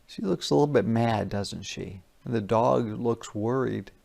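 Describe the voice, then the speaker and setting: A man teacher doing an interactive read-aloud for young children, pausing to ask questions and explain words. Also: mid-range voice, gravelly, darkish tone.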